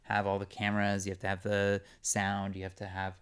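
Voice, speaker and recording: Smooth-voiced young Californian man, chatty. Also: low-pitched, monotone, a little fast, a bit bright. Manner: rambling, many fillers, chatty. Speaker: podcast guest, actor. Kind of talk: casual interview chat.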